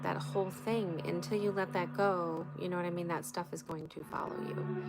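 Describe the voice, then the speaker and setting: A woman with a fairly low voice hosts a loose late-night live chat. She talks frankly, swears now and then, and gives spiritual advice. Music plays clearly in the background. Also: low-quality recording. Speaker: livestream host. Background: music playing.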